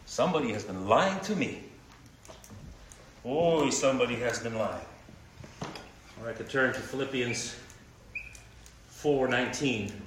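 Animated preacher man in an echoey room. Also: mid-range voice, unhurried, pauses often. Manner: animated, swings between quiet and emphatic. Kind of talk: sermon. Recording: echoey room with faint noise.

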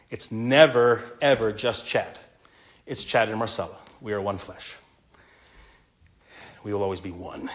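A man's voice: on the low side, fairly bright tone, breathy edge. Man preaching to husbands. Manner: earnest storytelling with laughs. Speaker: pastor. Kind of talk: sermon.

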